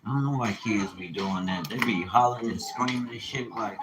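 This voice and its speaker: A man preaching and ranting informally, animated and profane, with sudden bursts of shouting. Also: fairly low pitch, moderate pace, roomy sound, over a noisy crowd. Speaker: religious teacher. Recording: noisy ambient background.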